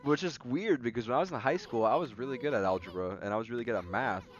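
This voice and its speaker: A man's voice: mid-range voice, fast talker, highs cut off. A young man streaming a game, chatting loosely and telling stories with plenty of swearing. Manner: loose, profane storytelling. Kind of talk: casual gaming chat. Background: faint game music.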